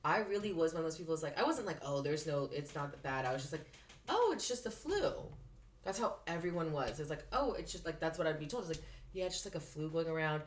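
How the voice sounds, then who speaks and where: A young drag performer chatting casually as a guest, telling stories full of "like" and animated impressions. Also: female voice, low-pitched, fast talker, a little hiss or hum. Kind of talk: casual chat. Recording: echoey room, voice somewhat off-mic.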